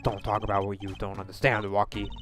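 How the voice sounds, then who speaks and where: A woman voicing a stern elderly male gangster boss in a low, gruff voice. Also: level tone, fast, soft background music.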